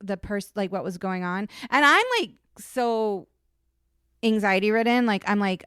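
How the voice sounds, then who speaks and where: A woman's voice: mid-range voice, unhurried, fairly bright tone, clean tone, no echo, clean studio sound. A woman co-hosting a podcast, telling a rambling story in casual chat, with lots of "like". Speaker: podcast co-host.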